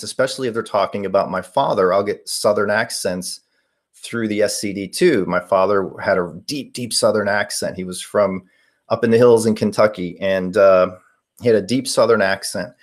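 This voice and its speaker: A man in his forties hosting a casual live stream, answering viewer questions in a rambling way with many fillers. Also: fairly low pitch. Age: 40s. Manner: rambling, reading chat questions aloud with fillers. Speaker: paranormal live-stream host.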